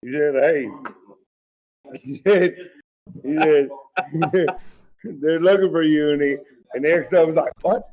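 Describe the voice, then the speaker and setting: A man's voice: on the high side, slow, pauses often, phone-quality sound. A former Marine guest on a casual podcast, teasing crudely and laughing through his words.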